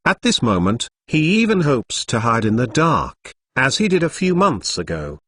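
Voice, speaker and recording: A man's synthetic-sounding voice narrating a story in a flat, even manner, reading punctuation aloud, close to the mic. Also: medium pitch, dry recording. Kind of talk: audiobook narration of fan fiction.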